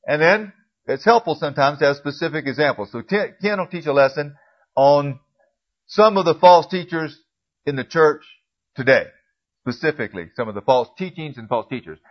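A man teaching a casual Bible class in a church classroom. He clears his throat often and corrects himself as he goes. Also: fairly high pitch, animated, normal speed. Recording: dull lo-fi recording.

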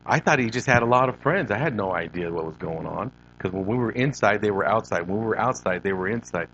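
A man's voice: on the low side, expressive, fast, a bit bright. A middle-aged man from Northern California telling his childhood story to an audience, turning to them with questions and acting out his younger self. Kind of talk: personal testimony to an audience. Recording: dull lo-fi recording with faint hum.

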